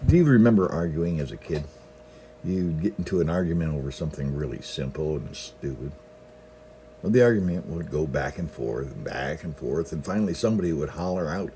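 A man's voice: rumbling low, expressive, normal speed, warm tone, slight background noise. A middle-aged male pastor giving a sermon in a folksy storytelling manner, often opening his sentences with "well".

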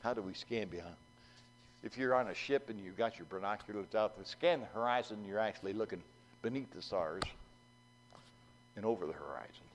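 A man's voice: on the low side, a little fast, long pauses, slight background noise, low-quality recording. A man preaching a sermon in a folksy way, asking the congregation questions and acting out the voices in a story he tells. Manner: acts out voices in a told story.

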